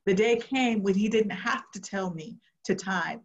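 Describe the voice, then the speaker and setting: A middle-aged woman preaching a sermon, telling an earnest personal testimony and going soft and hushed at the tender moments. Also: medium pitch, a little slow. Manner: earnest, storytelling, drops to soft tones for emotional moments. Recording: muffled lo-fi sound.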